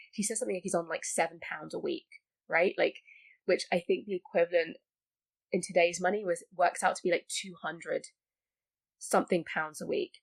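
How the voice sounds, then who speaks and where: A woman's voice: on the low side, fairly bright tone. A woman talking casually about a film as a podcast guest, full of likes and restarts. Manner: chatty, many likes and restarts.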